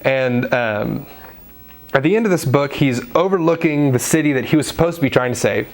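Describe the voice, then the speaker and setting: A man's voice: medium pitch, moderate pace. A man giving a daily devotional sermon in a conversational way, with fillers, acting out quoted voices now and then. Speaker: preacher.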